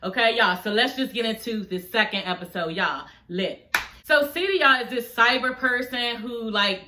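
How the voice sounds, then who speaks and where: A woman's voice: on the high side, normal speed, roomy sound, background noise. A woman from Washington, D.C. giving a sassy, chatty recap of a reality show, calling her viewers honey and girl. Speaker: YouTube reality TV reviewer. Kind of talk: casual recap chat to camera.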